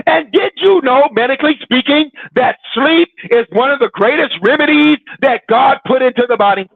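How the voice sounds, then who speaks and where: Guy preaching, teasing, real high gravelly voice, phone-line sound. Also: no room sound. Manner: teasing and preachy, laughing often, with dramatic repetition. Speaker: host of a Christian broadcast. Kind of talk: sermon-like casual talk.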